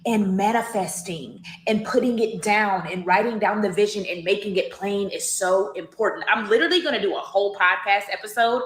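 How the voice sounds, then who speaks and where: A woman's voice: medium pitch, brisk, few pauses, slight background noise. A woman reading entries from her old diary aloud, breaking off for chatty asides to her listeners. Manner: chatty, addresses listeners as y'all. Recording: echoey room.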